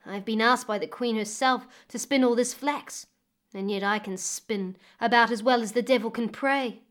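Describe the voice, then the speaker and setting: A woman's voice: on the high side, moderate pace, lightly acted. A woman voicing a poor young peasant girl who pleads earnestly in a storybook reading. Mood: tearful pleading.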